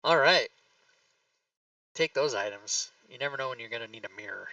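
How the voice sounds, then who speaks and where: A man's voice: medium pitch, lively intonation, normal speed, bright, forceful tone, no echo, far from the mic, low-quality recording. A man chatting casually as a player in an online tabletop game, making offhand jokes. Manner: joking, offhand remarks.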